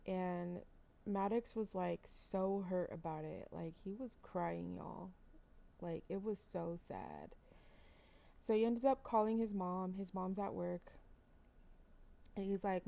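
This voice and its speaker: Slow, gravelly woman telling a game story. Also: lowish voice, animated, dark tone. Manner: chatty, dramatic, addresses viewers as y'all. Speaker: gaming channel host. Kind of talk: casual game story narration.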